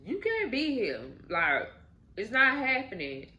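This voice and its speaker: A woman's voice: on the low side, big pitch swings, slow pace, a bit bright, muffled recording, full character voice. A woman voicing a protective mother who is firm with an unwanted guest and wails in grief. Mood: stern. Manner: stern, then wailing.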